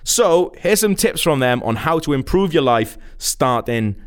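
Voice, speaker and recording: A man's voice: a little high, big pitch swings, a little slow, clear, resonant tone. Welsh male podcast host, young, playful and self-deprecating narration. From Wales. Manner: jokey, self-mocking.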